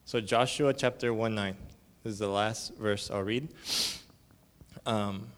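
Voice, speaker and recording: A man with a lowish, steady voice takes his time as he gives a conference sermon as a church elder. Slang and fillers color his easygoing stories, and he acts out the conversations with shifting voices.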